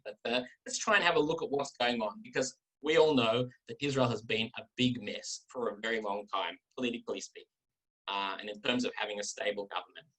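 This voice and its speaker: Relaxed Australian man on a video call. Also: medium pitch, fairly quick, slightly rough, poor audio. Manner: relaxed, repeats words as he goes. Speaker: guest speaker. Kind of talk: informal talk with anecdotes.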